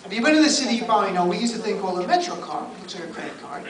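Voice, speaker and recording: Speaking very fast and very animatedly in a high pitch, this stand-up comedian from New Jersey banters with his crowd and fires off mock-exasperated remarks. Picked up from afar on a comedy club stage, the sound is roomy and noisy, full of laughter and chatter from the live audience.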